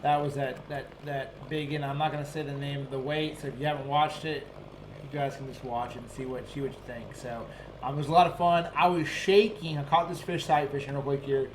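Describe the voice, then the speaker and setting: A man hosting a fishing show, telling fish stories in casual, excited chat with sound effects and frequent restarts. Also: on the high side, fairly quick, reverberant, a little hiss or hum.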